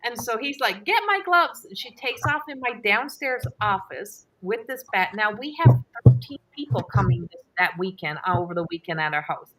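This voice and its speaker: A middle-aged woman with a bright, forceful voice hosts a live Q&A. She tells her stories casually and with animation, laughs often, and raises her voice to act out her own shouts. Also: mid-range voice, expressive, moderate pace, few pauses. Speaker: host.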